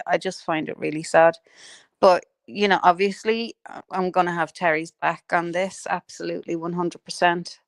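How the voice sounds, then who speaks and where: A woman's voice: lowish voice, dry recording. A woman hosting a casual livestream, chatty and sweary, laughing and greeting viewers by name. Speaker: livestream host. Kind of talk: casual chat.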